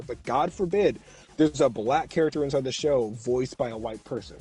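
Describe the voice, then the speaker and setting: A middle-aged man guesting on a podcast makes his points with force and feeling. His voice is deeply husky and breathy, with a dark, mellow warmth. Faint music sits low underneath him. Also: normal speed. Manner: emphatic, impassioned. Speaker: voice actor guest. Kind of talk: heated podcast discussion.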